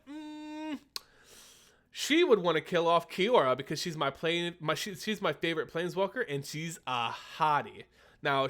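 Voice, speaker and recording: A man's voice: fairly high pitch, fairly bright tone. A young man hosting a casual live stream, chatting and answering viewer questions, a little phlegmy. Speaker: streamer host.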